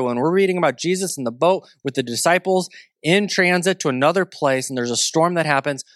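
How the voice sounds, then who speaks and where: A man's voice: fairly high pitch, fairly bright tone, no echo, clean studio sound. A man preaching a sermon in a plain, conversational way, walking listeners through a Bible story. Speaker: pastor.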